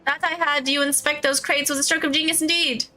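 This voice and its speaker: Woman doing a pompous gentleman detective. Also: high-pitched, fairly even intonation, a little fast, faint music behind, voice pushed up, poor audio. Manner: grandiose, long-winded. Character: pompous self-styled gentleman inspector, male.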